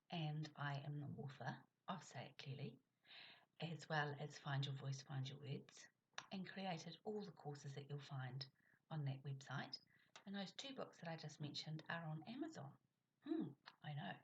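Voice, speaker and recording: A woman's voice: low voice, expressive, a little slow, dull audio, slight background noise. A middle-aged woman, a speech coach chatting casually in her vlog and leaning on stressed words to show tone. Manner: chatty, demonstrates stressed words with rising emphasis. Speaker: speech and communication coach and author.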